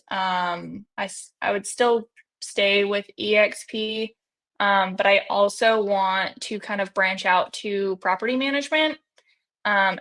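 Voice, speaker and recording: A young adult woman speaking as an interview guest, relaxed and conversational. She fills her talk with hedging fillers, and her voice sits at an average pitch. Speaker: guest realtor. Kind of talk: casual interview chat.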